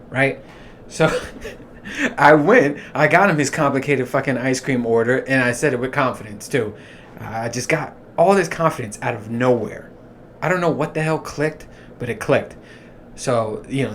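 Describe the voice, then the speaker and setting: A man in his thirties tells stories on his own podcast in a loose, swearing, animated way. His voice sits at an ordinary middle pitch. A faint hiss of background noise runs under the recording. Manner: profane, animated, laughs through his stories. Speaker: podcast host. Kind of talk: casual storytelling monologue.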